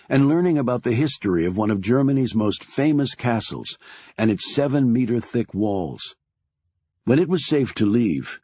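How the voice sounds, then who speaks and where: A man narrating an audiobook in a steady, measured storytelling manner. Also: fairly low pitch, husky, dry recording. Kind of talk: scripted narration. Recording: dull lo-fi recording.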